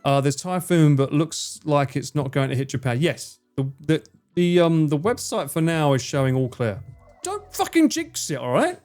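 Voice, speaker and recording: A man's voice: on the high side, normal speed, hardly any pauses, darkish tone, smooth, faint music behind. A man chatting casually on a livestream, reading chat, swearing freely and bantering with a teasing tone.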